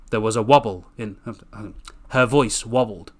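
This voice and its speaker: A man's voice: on the low side, measured pace. A man reading his own book aloud casually, tripping over words and correcting himself with jokey asides.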